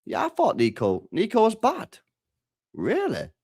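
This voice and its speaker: A young man chats casually as a streamer, rambling in slang and swearing freely. He repeats phrases, and his pitch swings up and down a lot. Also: huge pitch swings, unhurried, darkish tone, husky. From England. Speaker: streamer chatting with viewers. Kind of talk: casual chat.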